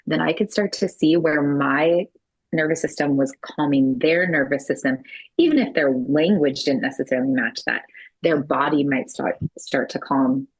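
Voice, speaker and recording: A woman guest on a podcast, a mother of six, talking about parenting over a remote call in a gentle, earnest and reflective way. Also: low-pitched, moderate pace, husky, dry recording, poor audio. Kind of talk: casual podcast conversation.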